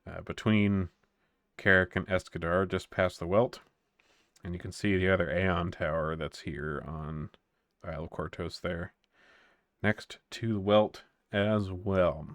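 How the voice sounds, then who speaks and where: Low-voiced man narrating a tabletop game. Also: a bit bright, no room sound. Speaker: game master.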